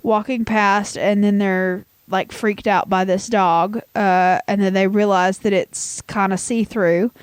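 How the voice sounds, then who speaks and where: A woman's voice: mid-range voice, steady tone, a little slow, hardly any pauses, clear, resonant tone, dry recording. A woman with a Southern American accent, co-hosting a podcast in casual, rambling chat and laughing often. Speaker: podcast co-host.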